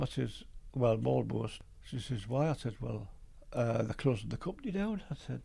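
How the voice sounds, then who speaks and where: An older man with a broad Geordie accent tells his story as a guest, bringing each remembered exchange to life. His voice is gravelly and husky, and his pitch sits around the middle for a man. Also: moderate pace. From Newcastle, England. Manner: lively storyteller who acts out old conversations. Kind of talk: storytelling interview.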